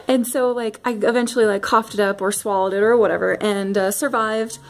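A young woman vlogging a casual rant to camera at home, animated and giggly with lots of fillers. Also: mid-range voice, brisk. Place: home, near bathroom.

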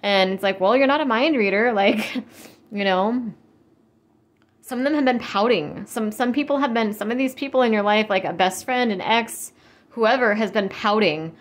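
A woman's voice: medium pitch, moderate pace. A woman doing a casual spiritual reading for viewers, rambling and reassuring, full of "like" and "you know". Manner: reassuring, speaks directly to viewers. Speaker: tarot and spirit-guide reader.

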